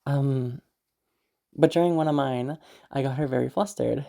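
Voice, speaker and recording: A young adult vlogger talking casually to camera in a mellow, relaxed voice. The talk rambles along with plenty of "um"s and little giggles. Pitch sits mid-range for the speaker. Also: moderate pace, gravelly. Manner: rambling, frequent fillers and giggles. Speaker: YouTube voice creator.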